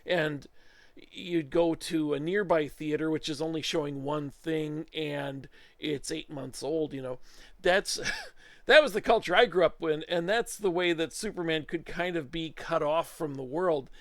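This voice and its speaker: A man's voice: a little high, a little slow, no room sound. A middle-aged man giving a casual, meandering movie review in his home studio, chatty and full of fillers and restarts. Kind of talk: casual opinion monologue.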